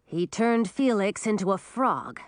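A woman's voice: medium pitch, expressive, measured pace, dry recording, natural voice. A woman voicing a fierce, protective male ice dragon who growls his words. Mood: plain. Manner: growling, blunt.

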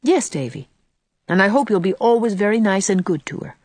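A woman reading aloud, voicing a warm, earnest young woman who coaxes gently. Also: mid-range voice, expressive, fairly quick, dry recording, close to an everyday voice. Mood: gentle.

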